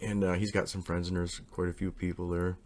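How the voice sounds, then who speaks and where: Low-voiced man telling a rambling story. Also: brisk. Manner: rambling, animated, acts out quotes with raised pitch. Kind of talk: casual storytelling.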